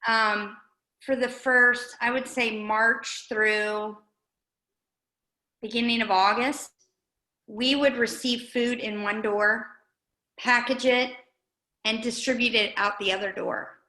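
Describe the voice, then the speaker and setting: Speaking slowly with frequent pauses, a woman with a higher, steady voice that sounds pushed and bright delivers an informal update at a community meeting. She's a nonprofit director appearing as a guest, earnest and conversational, captured in a reverberant, low-quality recording.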